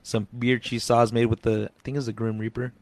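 A man's voice: medium pitch, little pitch movement, brisk. A man hosting a casual podcast from a studio, laid-back and full of swearing, now and then slipping into Spanish. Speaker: podcast host. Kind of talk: casual chat.

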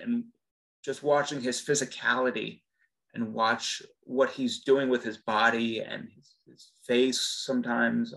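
A man's voice: medium pitch, vocal fry, a bit bright, poor audio. A man, a voice actor, chatting casually as a podcast guest, talking with many fillers and restarts. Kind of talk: casual interview chat.

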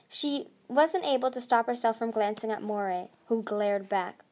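A woman's voice: on the high side, moderate pace, hardly any pauses, a little mellow. A woman narrating a children's fantasy novel aloud, with small slips and restarts. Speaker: audiobook reader. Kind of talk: storybook narration.

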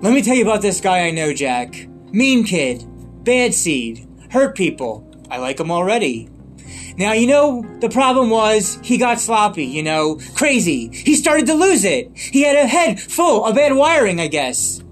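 A man's voice: sits high, big pitch swings, a little slow, soft background music. Man imitating a cackling showboat clown villain. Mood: mocking. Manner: showy, mocking, sing-song delivery. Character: grinning madcap male clown villain, theatrical.

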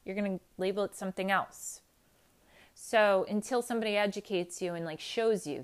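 A woman's voice: mid-range voice, brisk, clean tone. Blunt, emphatic woman talking candidly. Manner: blunt and emphatic, swears casually; animated storytelling with acted-out quotes. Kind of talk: candid personal monologue.

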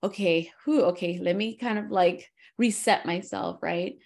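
A woman hosting a casual conversation who switches between English and Spanish mid-sentence, animated and quick to laugh. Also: on the low side, creaky.

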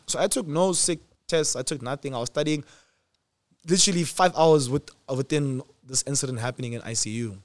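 A man in his twenties telling a personal story in a casual, slangy way, swinging between loud excitement and quiet reflection. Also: fairly high pitch, fairly quick, no echo. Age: 20s.

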